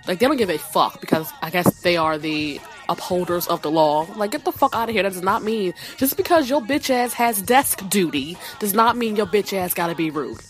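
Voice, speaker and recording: A woman with a somewhat low voice tells a story as a casual rant, swearing freely and throwing in sassy asides. Her delivery is animated. Faint music plays behind her. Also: brisk, few pauses.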